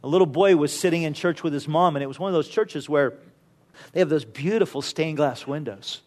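A man with a notably high voice preaches a sermon. He tells stories in an easy, conversational way and often drops in casual asides to the listeners. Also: brisk, a little mellow. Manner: conversational storytelling with frequent "you know" asides.

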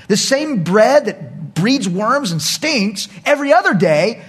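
A male pastor preaching a lively sermon to his congregation, acting out voices and laughing often. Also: high voice, measured pace, husky.

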